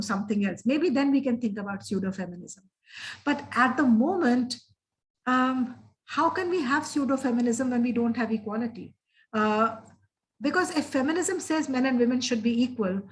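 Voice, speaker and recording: A middle-aged woman giving an earnest, reflective talk as a guest speaker over a video call, often pausing with fillers. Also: on the high side, rough recording. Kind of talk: interactive session talk.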